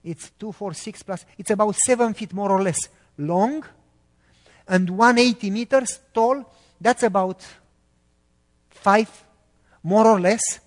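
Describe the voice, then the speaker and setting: High-voiced man telling a testimony. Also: slow, pauses often, big-room sound. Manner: animated, acts out quotes, addresses listeners. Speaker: preacher giving a testimony. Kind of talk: sermon storytelling.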